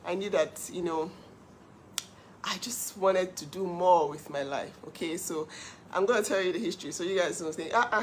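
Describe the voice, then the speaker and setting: A middle-aged woman hosting her own live stream, telling her story with animated emphasis. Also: on the low side, a little hiss or hum. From Nigeria. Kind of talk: casual live-stream monologue.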